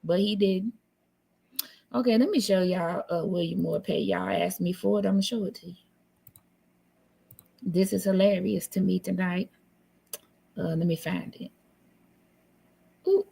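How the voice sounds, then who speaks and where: A woman's voice: mid-range voice, measured pace, creaky, pauses often, warm tone, breathy edge. A woman hosting a live stream, talking in a blunt, teasing, sassy way in casual commentary. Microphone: computer mic on a live stream.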